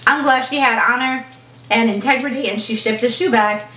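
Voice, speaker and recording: A woman fashion vlogger in a casual unboxing chat, telling a story in an animated, chatty way and acting out the back-and-forth. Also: on the high side, a little fast. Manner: chatty, animated storyteller who acts out quoted exchanges. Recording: roomy echo, mic at a distance, faint kitchen clatter.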